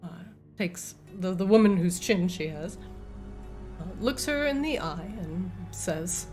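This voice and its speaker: A woman narrating as dungeon master in an unhurried, easygoing way. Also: on the low side, animated, darkish tone, soft background music. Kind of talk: narrating a tabletop game.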